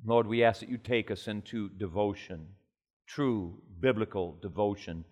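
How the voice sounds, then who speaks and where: Preaching with passion at an unhurried pace, this man lets his voice swell loud and high through his stories before falling soft and hushed for prayer.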